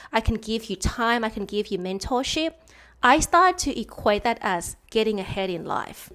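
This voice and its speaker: A young woman with an Australian accent, talking bluntly and frankly in a personal vlog. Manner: blunt, frank, mimics others in a higher voice when quoting. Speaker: vlogger. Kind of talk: candid personal storytelling to camera.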